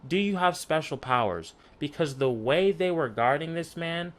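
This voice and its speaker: A man's voice: on the high side, expressive, normal speed. A young man hosting a casual sports vlog, ranting with profanity and rising outbursts. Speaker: sports commentary YouTuber.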